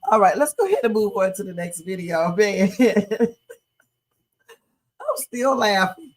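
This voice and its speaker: A woman's voice: mid-range voice, expressive, a little slow. A woman hosting a livestream and reacting to viral videos in casual, slangy, profane chat, laughing often. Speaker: livestream host. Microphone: streaming setup.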